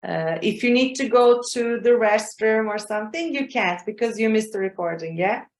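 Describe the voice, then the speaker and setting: A woman's voice: fairly high pitch, lively intonation, normal speed. A woman exam trainer teaching a live online class over a video call, patient and often checking in with "okay?" and "yeah?". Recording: roomy echo.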